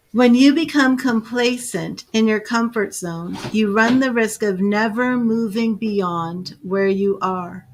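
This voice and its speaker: A woman giving a live tarot reading, slowly invoking goddesses and reading card meanings aloud in a soothing way. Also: mid-range voice. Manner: slow, soothing, invoking spirits. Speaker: tarot reader.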